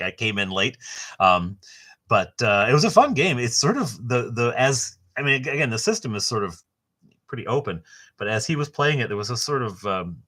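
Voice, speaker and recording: A middle-aged man hosting a casual book unboxing, rambling and enthusiastic, with a halting way of talking. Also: lowish voice, bright, forceful tone. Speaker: host.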